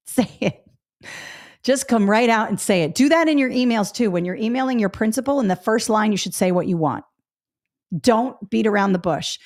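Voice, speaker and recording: A woman's voice: on the high side, expressive, brisk, a little mellow. A woman from the Northeastern US teaching a live test prep webinar, talking bluntly and directly with chatty asides to her viewers.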